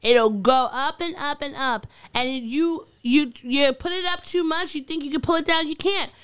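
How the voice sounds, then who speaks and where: A woman's voice: high voice, normal speed, fairly bright tone, dry recording. A woman co-hosting a podcast, telling odd news stories in a rambling, giggly casual chat. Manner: giggly, rambling with fillers and restarts. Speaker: podcast co-host.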